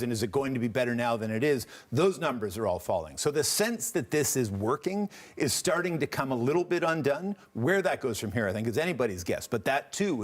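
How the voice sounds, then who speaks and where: A man, a business correspondent, explaining economic news with some restarts. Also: mid-range voice.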